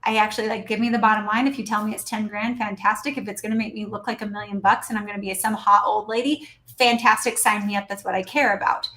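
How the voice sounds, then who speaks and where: A woman's voice: mid-range voice, steady tone, fast talker, hardly any pauses, bright, forceful tone. A woman giving practical coaching advice in a podcast conversation, talking animatedly and acting out bits of dialogue between patients and staff. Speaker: dental practice consultant, podcast guest.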